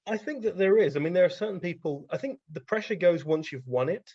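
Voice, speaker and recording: A guest science writer on an interview show tells anecdotes casually, rambling with frequent ums. His voice is high, expressive, warm and husky, and he talks briskly. The podcast audio is dry and slightly dull.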